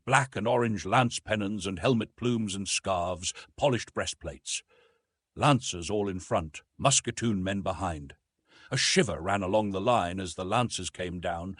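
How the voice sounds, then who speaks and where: Husky, animated male storyteller. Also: no room sound, studio quality. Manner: animated storytelling with lively rises in pitch. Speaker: audiobook narrator. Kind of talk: scripted narration of a science fiction story.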